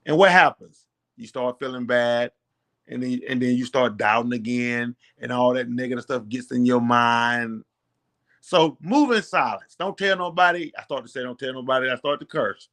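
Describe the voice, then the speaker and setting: A man's voice: medium pitch, normal speed, a bit bright. A middle-aged man giving a motivational talk to his channel's viewers, preachy and repetitive, getting fired up as he encourages them. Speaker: network marketing channel host.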